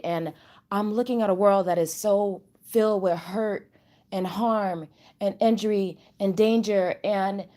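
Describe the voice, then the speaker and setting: Rambling, slangy woman vlogging at home. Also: lowish voice. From Chicago area. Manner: animated, rambling, loose and slangy. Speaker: channel host. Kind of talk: casual spiritual vlog chat.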